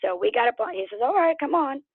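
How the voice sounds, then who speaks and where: Oklahoma lady telling her story on a tinny phone line, lively, laughs a lot, dry sound. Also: sits high, fast talker, creaky, no room sound. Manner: animated, laughs often, acts out quotes. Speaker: interview guest. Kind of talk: casual storytelling.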